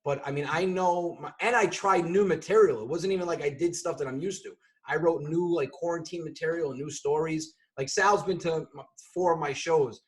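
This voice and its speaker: A man telling a fast, animated comic story as a podcast guest over a video call, bursting into shouts at times. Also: a little high. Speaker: comedian and guest. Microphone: video call on a computer.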